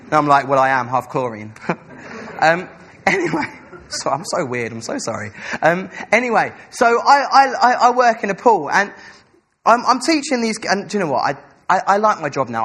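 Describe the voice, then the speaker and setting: A young man preaching a sermon, telling a story with animated, acted-out dialogue. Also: a little high, brisk, husky.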